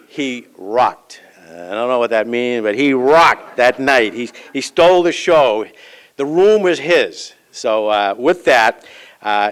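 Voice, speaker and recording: A man hosting a breakfast forum, giving measured announcements and an introduction with frequent fillers. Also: mid-range voice, clear, resonant tone. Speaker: event host. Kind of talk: formal event announcements.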